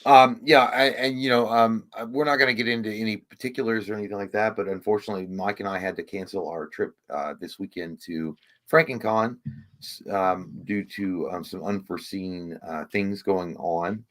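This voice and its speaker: Man, co-host, low voice, laid-back, joking, halting fillers. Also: steady tone, a bit bright. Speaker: podcast co-host. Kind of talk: casual livestream chat.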